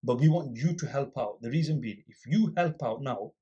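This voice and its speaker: A man's voice: medium pitch, moderate pace, breathy edge, muffled recording. A man guest on a podcast, casually telling a story and acting out the people in it. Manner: animated storyteller acting out quoted exchanges.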